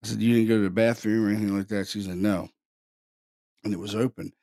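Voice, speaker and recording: A man, a podcast host, tells a paranormal experience in a halting, conversational way, repeating words as he goes. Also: on the low side, steady tone, mellow, dry recording, clean studio sound. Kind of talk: casual storytelling.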